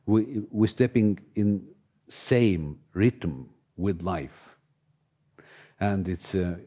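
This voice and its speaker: A man speaking halting with many restarts in a conversational panel discussion, as a spiritual teacher. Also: sits low, warm tone. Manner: halting non-native English with many restarts.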